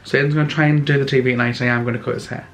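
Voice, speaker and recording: A man's voice: medium pitch, level tone, racing, echoey room, soft background music. A young British man chatting casually to camera at home for his vlog, rambling with plenty of ums. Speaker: vlogger. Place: at home, indoors.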